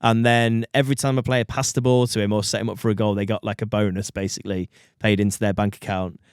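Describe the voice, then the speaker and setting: A man's voice: fairly low pitch, little pitch movement, fast, smooth, dry recording, studio quality. Rambling man in his thirties. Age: 30s. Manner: rambling, swearing, many fillers and restarts. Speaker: podcast co-host. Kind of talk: casual chat.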